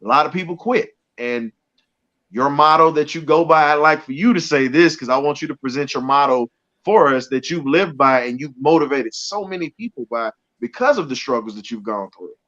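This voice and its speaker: A man's voice: a little high, lively intonation, moderate pace, a bit bright. Long-winded male interview host, lo-fi sound. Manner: admiring, long-winded questions. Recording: dull lo-fi audio.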